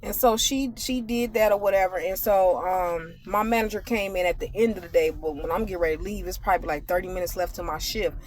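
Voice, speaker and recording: A woman speaking to her followers in a relaxed, conversational way, telling a workplace story. She talks directly to the audience and shifts into a preaching tone as she draws the spiritual lesson. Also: lowish voice, fast, few pauses. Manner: animated, conversational, addresses viewers directly. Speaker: vlogger. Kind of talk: casual storytime with spiritual message.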